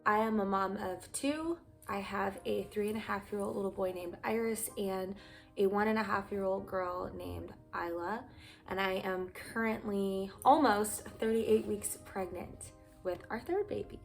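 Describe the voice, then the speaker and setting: A woman's voice: mid-range voice, unhurried, gravelly, soft background music. A young woman talking casually to camera as a parenting vlogger, noticeably out of breath, chatty and rambling with fillers. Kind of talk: casual vlog talk to camera.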